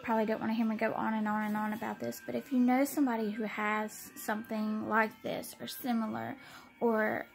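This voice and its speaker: Tearful woman with a gravelly voice. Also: fairly high pitch, level tone, soft background music, poor audio. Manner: tearful, halting, repeats words. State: close to tears. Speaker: vlogger. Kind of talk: emotional personal vlog.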